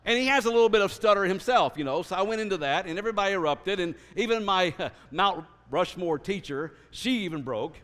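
A man sharing his personal testimony. He tells it earnestly and in an animated way, often restarting his sentences. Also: high voice, a little fast, few pauses. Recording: reverberant hall.

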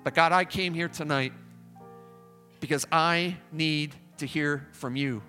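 A man delivers a revival camp meeting sermon in a high, bright voice. He preaches fervently, pleading and repeating his appeals, with faint music playing behind him. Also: takes it slowly, long reverb tail. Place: large tabernacle.

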